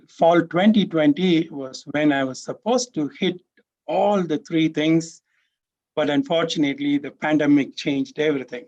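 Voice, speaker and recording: A man's voice: a little high, a little mellow. Brief: male lecturer, conversational conference talk, many "you know" fillers, dull lo-fi recording. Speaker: university lecturer presenting on his teaching. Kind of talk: conference presentation.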